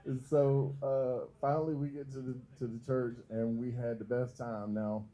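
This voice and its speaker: A man's voice: mid-range voice, level tone, a little slow, mellow, rough recording. A young man doing stand-up at a comedy club open mic, loose and profane, laughing at his own jokes. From Georgia, US. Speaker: stand-up comic.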